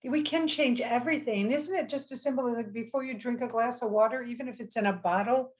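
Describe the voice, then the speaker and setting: A woman's voice: on the high side, fast talker. A woman hosting a spiritual podcast, affirming her guest and describing visions with enthusiasm. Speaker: podcast host. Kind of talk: spiritual interview conversation.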